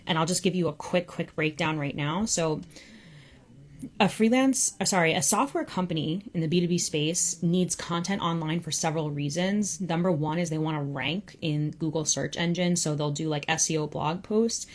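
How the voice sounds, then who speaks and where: A young woman hosts a live Q&A as a freelance copywriting coach, her voice sitting a little low. She talks in a loose, conversational way, filling her sentences with "like.". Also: moderate pace. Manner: casual, conversational, peppered with "like". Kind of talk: live Q&A session.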